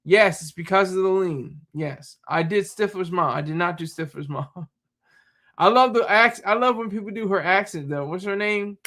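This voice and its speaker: A man's voice: sits high, moderate pace, pushed and bright. A man streaming live, rambling in casual chat and often laughing while he answers his audience.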